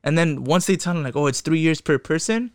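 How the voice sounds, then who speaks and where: A man's voice: on the high side, animated, fairly quick, smooth, no echo, studio quality. A young man telling his own story in casual talk, profane and rambling, acting out what others said. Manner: profane, quotes people in voices, rambling restarts.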